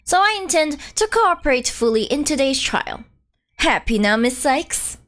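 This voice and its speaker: A woman's voice: high-pitched, sing-song, moderate pace, fairly bright tone, voice pushed up. A woman voicing a cocky young male law student witness while reading game dialogue aloud. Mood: smug. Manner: cocky, needling.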